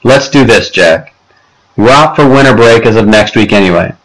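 A man reading aloud, voicing a patient male school principal who speaks in a calm, measured, gently firm way. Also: on the low side, close to an everyday voice, low-quality recording. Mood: kindly.

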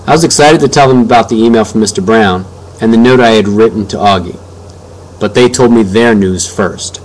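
A man's voice: fairly low pitch, fairly quick, low-quality recording. A man reading a first-person audiobook narration in an earnest, reflective way.

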